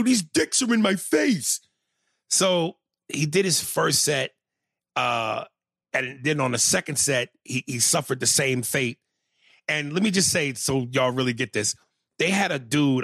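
A male stand-up comedian telling a story in a casual, profane, animated way, with many restarts. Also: mid-range voice, husky, no room sound, studio quality.

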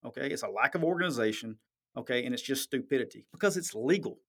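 A man's voice: medium pitch, expressive, quick pace. A man hosting a podcast, talking sports in a blunt, emphatic, profane way and often checking "okay?". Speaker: podcast host. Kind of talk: casual sports talk.

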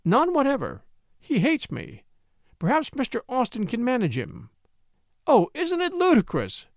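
A man voicing a lively young widow who speaks gaily and with amusement, in an audiobook reading. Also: extremely high pitch, moderate pace, dry recording, clean studio sound, voice pushed up, heavily acted. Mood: gay, amused. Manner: bright, amused, gay.

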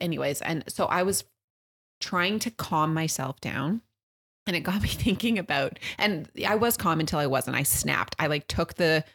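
Give me a chatty woman podcast co-host with a low voice, telling a story in casual chat. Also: animated, normal speed, a bit bright. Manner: chatty storytelling, acts out quotes.

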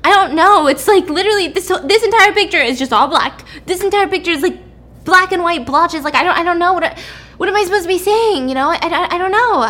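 A woman voicing a panicky young woman patient who stammers and speaks loudly. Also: extremely high pitch, lively intonation, fairly quick, pitched above the performer's own voice. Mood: distressed. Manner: stammering, agitated, loud.

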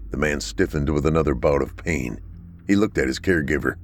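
A man narrating a dark story in a steady, measured reading. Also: a bass voice, a little hiss or hum.

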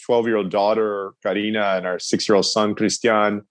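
A man in his forties from Texas, a podcast guest talking in an earnest, measured way and laughing easily. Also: on the low side, level tone, dry recording. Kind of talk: casual chat.

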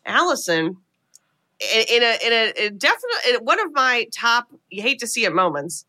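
A young adult woman hosting a comedy podcast, retelling a horror film in a lively, chatty way with lots of fillers. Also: on the high side, moderate pace. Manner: animated storytelling with many "like" fillers. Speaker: podcast host. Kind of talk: casual comedic film recap.

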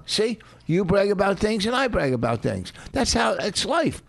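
A man's voice: high voice, big pitch swings, normal speed, vocal fry, a bit bright. A middle-aged man co-hosting a podcast with his wife, teasing her in a mock-exasperated way. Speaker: podcast co-host. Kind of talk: casual bickering chat.

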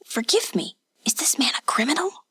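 Woman playing a male innkeeper, nervous, hushed, high voice, slightly husky, storybook. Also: lively intonation, unhurried. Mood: nervous whisper. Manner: hushed, anxious, polite. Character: nervous male village innkeeper, eager to please. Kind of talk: audiobook narration.

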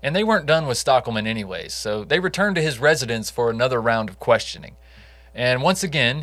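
A man's voice: mid-range voice, expressive, fast, fairly bright tone, dry recording. A man co-hosting a casual true crime podcast, telling the case in a conversational way with jokey asides. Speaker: podcast co-host.

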